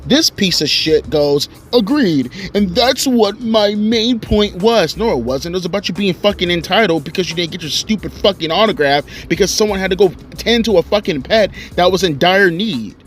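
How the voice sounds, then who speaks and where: A man's voice: high-pitched, a little fast, hardly any pauses, a bit bright, a little hiss or hum. A young man ranting angrily and profanely about online commentators, recorded outdoors on his cell phone. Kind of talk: angry rant vlog.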